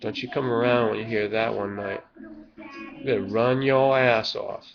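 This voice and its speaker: A man ranting in a rambling vlog monologue, swinging from low mumbles to loud, drawn-out shouting. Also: fairly even intonation, gravelly, faint music behind. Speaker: vlogger. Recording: dull lo-fi webcam audio.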